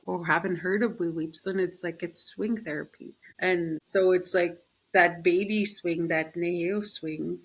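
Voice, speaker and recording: Middle-aged woman, podcast guest, lowish voice, casual storyteller who acts out quotes, chatty and quick to laugh. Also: husky, poor audio. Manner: animated storytelling, acts out her own quotes; frequent fillers, laughs easily. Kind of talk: casual interview chat.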